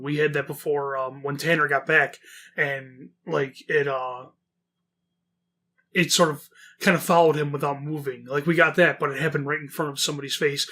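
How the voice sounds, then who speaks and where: A man's voice: on the high side, a bit bright. A man reading a horror story aloud and chatting about it, rambling and swearing casually.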